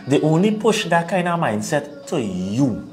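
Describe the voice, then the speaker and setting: A man's voice: a little high, measured pace, faint music behind. A man with a Trinidadian accent, co-hosting an opinionated talk show and lecturing his listeners. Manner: animated, preachy, laughs at his own points.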